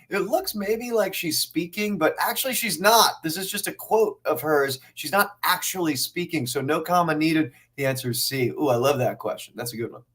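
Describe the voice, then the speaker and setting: A man teaching a live online test prep class, thinking out loud through questions with energetic asides to his viewers. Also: on the high side.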